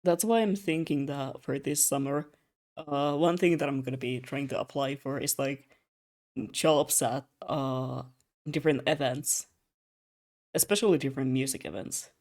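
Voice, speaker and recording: A young adult streamer chats casually while drawing, telling rambling stories packed with fillers and asides and laughing often. The voice is mid-range, at a moderate pace, in an animated storytelling style.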